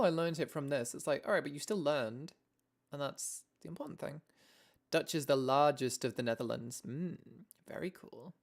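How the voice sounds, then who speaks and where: A young English woman streaming a casual chat, rambling and self-deprecating, laughing often as she talks to her viewers. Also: low voice. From England.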